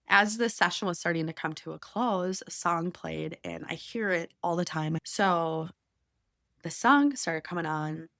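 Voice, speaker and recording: Emotional woman podcaster, low gravelly voice. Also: no room sound, clean studio sound. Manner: emotional, intimate, drops to whispers at times. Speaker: podcast host. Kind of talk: personal storytelling.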